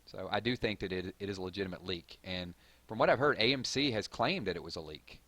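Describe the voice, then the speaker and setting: A man with a very low voice hosts a relaxed live stream from home, rambling from one viewer comment to the next. He talks loosely, full of "um"s and restarts, and the sound is close and dry. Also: quick pace, dry recording. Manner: rambling and conversational, with frequent fillers and self-corrections.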